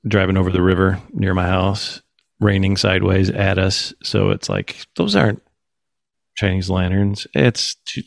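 Male host, casual, lively storyteller, fry in the voice, dry mic. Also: deep voice, normal speed, dry recording. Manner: animated storytelling, acts out quotes. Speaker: podcast host. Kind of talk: casual chat.

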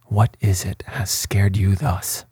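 A man's voice: steady tone, warm tone, breathy edge, no echo, full character voice. A man reading the part of a proud, short-tempered prince, curt and commanding. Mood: impatient. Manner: curt, commanding, slow and low.

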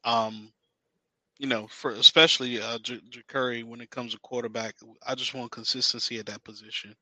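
A man co-hosting, talking in a halting way full of fillers and restarts. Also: medium pitch, fairly even intonation, pushed and bright, no room sound, low-quality recording. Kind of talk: casual chat.

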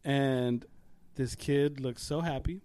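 A young man co-hosting a casual podcast, telling animated stories, laughing often and swearing. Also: medium pitch, slow, clean tone. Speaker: podcast co-host. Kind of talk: casual chat.

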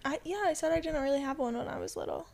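A woman's voice: high-pitched, quick pace, creaky, darkish tone. A young woman in casual chat, rambling with many fillers.

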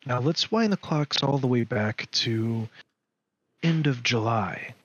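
A man hosting a podcast, telling a story in a casual, animated way, often correcting himself mid-sentence. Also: medium pitch, slow pace, muffled recording. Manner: animated, rambling, self-correcting. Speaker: podcast host.

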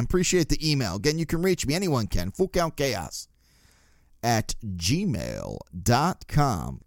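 A man's voice: mid-range voice, very animated, a little slow, dry recording, studio quality. A man hosting his own podcast, ranting casually and sarcastically, often laughing. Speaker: podcast host. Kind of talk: casual solo podcast rant.

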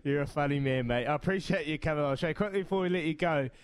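A man's voice: on the high side, fast talker, clear, resonant tone. A man hosting a breakfast radio show, bantering in a jokey, matey way with lots of laughter. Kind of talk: casual banter. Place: radio studio.

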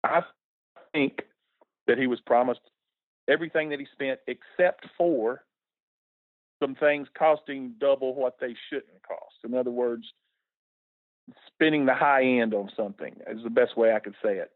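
A man's voice: medium pitch, unhurried, long pauses, no room sound. A middle-aged man, a former coach talking casually in a radio interview, folksy and repeating words when moved. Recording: tinny phone line on radio.

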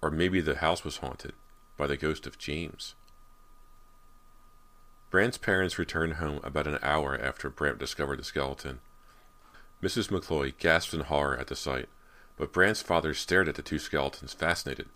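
Brief: male audiobook narrator, extremely low voice, measured and steady horror storytelling.

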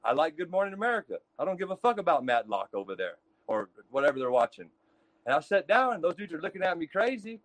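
A man with a high-pitched voice from Texas spins rough prison stories, swearing freely and acting out each character. The sound is dry and close, with no room around it. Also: quick pace, no echo. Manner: profane, animated storyteller acting out other inmates. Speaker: guest telling prison stories. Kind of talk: casual storytelling.

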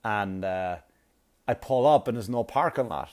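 A man's voice: fairly low pitch, unhurried, a little mellow. A comedian chatting casually to his viewers, telling a rambling, profane story with asides, sounding like he has a cold.

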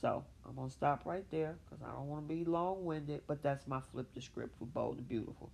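A woman's voice: low voice, a little fast, gravelly, a little hiss or hum. A woman hosting a soap opera recap show solo, talking animatedly and opinionatedly, with a casual style. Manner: animated, opinionated, speaks for characters in her own voice. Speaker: podcast host.

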